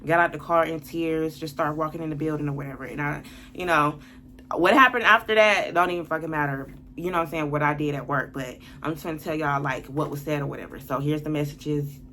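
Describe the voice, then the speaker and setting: A woman vents through a storytime vlog, blunt and heavy with profanity. Her voice sits on the low side. A faint hiss lies under the recording. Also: fairly even intonation, fairly quick, pushed and bright. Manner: blunt, profane, venting and worked up. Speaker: vlogger telling a story. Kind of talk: casual storytime monologue.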